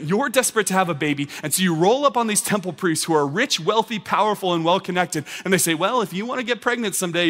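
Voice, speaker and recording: Emphatic preacher in a reverberant hall. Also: male voice, on the high side, a bit bright. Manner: emphatic preaching, builds with repeated phrases. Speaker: pastor. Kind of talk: sermon.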